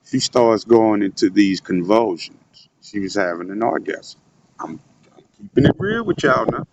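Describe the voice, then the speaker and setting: A male vlogger with a lowish, expressive, creaky voice speaks unhurriedly, giving his viewers a profane, conspiratorial monologue. He records on a handheld phone in a public spot, having moved somewhere quieter, and the lo-fi phone audio sounds dull with faint noise.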